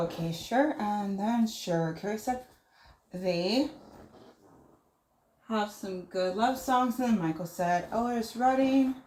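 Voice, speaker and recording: A woman's voice: mid-range voice, darkish tone, a little hiss or hum. A woman hosting a casual livestream, reading viewer messages aloud and musing on them. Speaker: livestream host. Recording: roomy echo.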